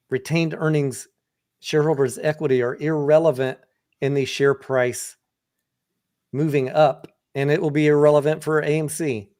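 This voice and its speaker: A man's voice: medium pitch, darkish tone. A man hosting a casual livestream and walking through a company's financials in a blunt, profane, conversational way. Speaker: livestream host and stock trader.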